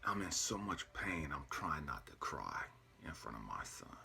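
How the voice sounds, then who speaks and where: A deep-voiced man with a gravelly edge tells his own story with earnest feeling. He often sinks into a hushed near-whisper, and his tone stays sharp and forceful even when quiet. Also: a little slow. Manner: earnest and emotional. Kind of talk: personal storytelling.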